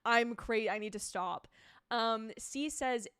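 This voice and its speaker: A young woman hosting a live reaction stream, chatting about a TV show and reading out viewer comments in an excitable, chaotic, gushing way. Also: on the high side, slow, smooth, no room sound, clean studio sound.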